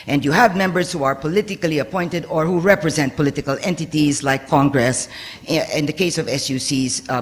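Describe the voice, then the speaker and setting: A man's voice: on the high side, fairly bright tone. A man giving a formal academic lecture in a hall, partly reading aloud, stressing key words and letting his voice fall at the ends of phrases. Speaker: university speaker giving a lecture.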